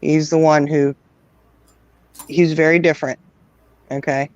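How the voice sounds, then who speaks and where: A woman chatting as a guest in a relaxed interview, rambling along and filling her sentences with "you know". She breaks into laughter often. The sound is dry and a bit muffled, like lo-fi audio. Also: deep voice, measured pace, no echo. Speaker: guest parent of twelve children. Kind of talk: casual conversational interview.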